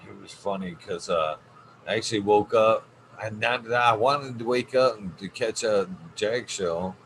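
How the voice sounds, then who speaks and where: A man hosting a casual podcast chat, relaxed and rambling, swearing freely. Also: low-pitched, low-quality recording. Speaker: podcast host. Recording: steady background noise.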